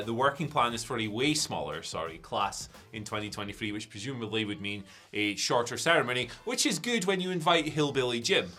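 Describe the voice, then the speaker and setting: Bright-voiced Scottish man, jokey news host. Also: mid-range voice. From Scotland. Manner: quick, jokey, laughs often. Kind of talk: casual news chat.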